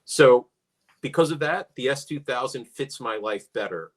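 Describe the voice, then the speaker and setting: A man's voice: mid-range voice, lively intonation, normal speed. A middle-aged man co-hosting a casual car chat, musing with dry humor. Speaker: podcast co-host.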